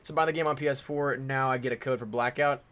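Fast, bright-voiced excitable male gamer. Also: mid-range voice. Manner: excitable, chatty, addresses his stream. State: slightly strained, losing his voice. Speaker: gaming streamer and YouTuber. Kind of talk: casual gameplay chat with teammates.

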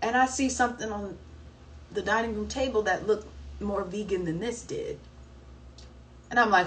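Young woman, live-stream host. Casual, animated storytelling with slang and swearing, a little off-mic with faint noise behind her. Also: mid-range voice, moderate pace, long pauses. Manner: animated, slangy and profane, with exclamations. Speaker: live-stream host answering viewer questions. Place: home, streaming live while eating. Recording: voice a bit distant from the mic, faint background noise.

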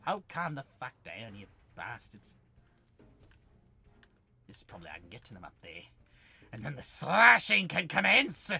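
A young man streaming a game, narrating as he plays and yelling excited taunts and battle cries at enemies. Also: medium pitch, moderate pace, gravelly, pauses often, breathy edge. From Australia. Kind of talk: let's-play gaming commentary.

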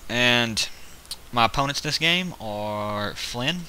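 A man's voice: mid-range voice, lively intonation, slow, sharp tone, low-quality recording. A man casually commenting on a strategy game he is playing, rambling and counting units aloud as he goes. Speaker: gameplay video host. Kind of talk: casual let's-play commentary. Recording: faint hiss behind.

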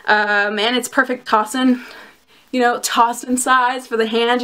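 A woman's voice: a little high, fairly even intonation, measured pace, bright, forceful tone. A young woman chatting casually to camera in a vlog, giggly and bubbly, often laughing between her words. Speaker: vlogger reviewing plush collectibles.

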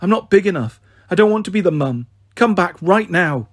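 A man's voice: high voice, animated, brisk, no echo, clean studio sound. A man reading a storybook aloud, voicing an anxious older girl who looks after her siblings and pleads through tears. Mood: pleading. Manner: pleading, tearful. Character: anxious older girl, worn-out big sister.

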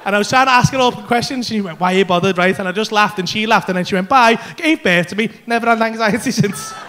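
A man doing an animated, sweary stand-up routine in a comedy club, with loud outbursts. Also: sits high, fast talker, a little hiss or hum.

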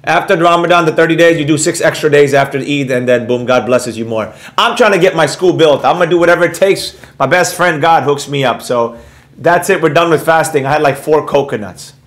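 Male host, middle-aged, high-pitched, brash and lecturing; talks down to viewers and hammers home points. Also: a little fast. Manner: animated, repeats points for emphasis. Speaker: trading educator and channel host. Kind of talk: casual monologue to viewers, reading live chat.

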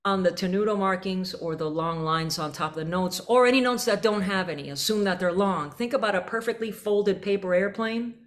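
A woman's voice: mid-range voice, brisk, few pauses. A woman leading a band rehearsal clinic, coaching players with vivid images and singing out the syllables and rhythm phrases. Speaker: jazz clinician.

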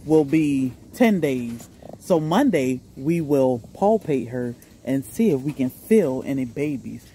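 A chatty middle-aged woman talks to her viewers outdoors beside her rabbit hutches, her delivery lively and animated. She laughs often and keeps an easy, casual tone. A faint hum of outdoor ambience sits behind her. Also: a bass voice. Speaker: homestead vlogger.

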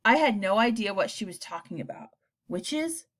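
A woman narrating an audiobook in an expressive, animated reading. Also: mid-range voice, quick pace. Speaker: audiobook reader.

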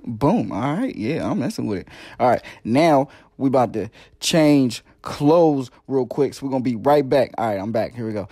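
A man's voice: medium pitch, dark tone, dry recording. A man doing a comedic parody voiceover of a makeup video, playful and slangy, with joking asides.

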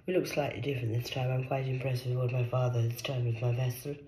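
A British woman vlogging in a rambling live monologue, defiant and boastful, swearing freely and swinging from hushed whispers to loud excited outbursts. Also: extremely low pitch, quick pace. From United Kingdom.

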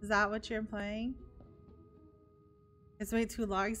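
A woman's voice: on the high side, animated, slow pace, soft background music. A young woman streaming games, chatting casually with her viewers and laughing often. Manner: bubbly, laughs often, reacts to chat. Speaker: VTuber streamer. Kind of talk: casual live-stream chat.

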